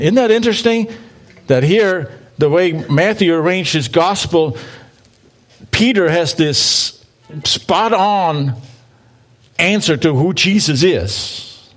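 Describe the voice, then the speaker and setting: A man preaching in a church, his voice sitting a little high for a man. He reads scripture aloud and pauses so the congregation can join in. His delivery is conversational, with playful asides to the listeners. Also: lively intonation. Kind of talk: sermon.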